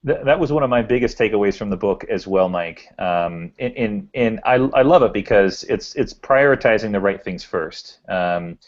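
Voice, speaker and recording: Podcast host guy, lower voice, stumbles and repeats himself a lot, dull lo-fi audio. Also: lively intonation. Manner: halting, repeats words while thinking aloud. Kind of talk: podcast interview chat.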